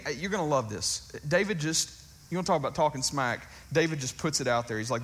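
Bright-toned man preaching casually. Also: a little high, expressive, fairly quick. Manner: conversational, reads verses aloud with emphasis. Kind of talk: casual sermon on scripture.

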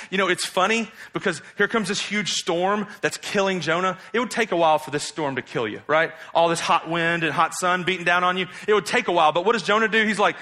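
A man delivers a sermon in a loose, conversational way, asking his listeners rhetorical questions. His voice sits a little high and sounds bright. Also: a little fast, few pauses. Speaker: preacher. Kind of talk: expository sermon.

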